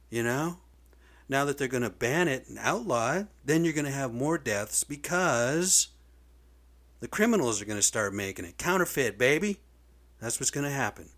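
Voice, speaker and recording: A man's voice: mid-range voice, a bit bright. Profane, worked-up man ranting. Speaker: video blogger. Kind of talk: ranting monologue. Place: lives in Seattle area.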